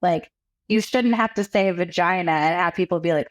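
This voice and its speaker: A woman's voice: on the low side, normal speed. A woman from South Texas, a women's health founder, telling stories in a casual interview, acting out quotes and laughing often. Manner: animated storyteller, acts out quotes with laughter.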